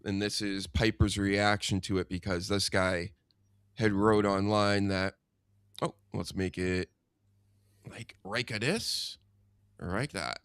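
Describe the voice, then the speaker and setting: A man hosting a casual podcast chat, rambling and chatty with quick asides. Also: fairly low pitch, fairly even intonation, a bit bright, smooth, no room sound, studio quality. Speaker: podcast host.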